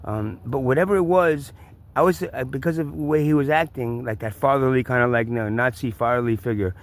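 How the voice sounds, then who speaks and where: A man's voice: mid-range voice, a little fast. A man with a New York accent tells a personal story in a rambling, profane way, full of restarts and repeats. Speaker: vlogger. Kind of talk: casual storytelling.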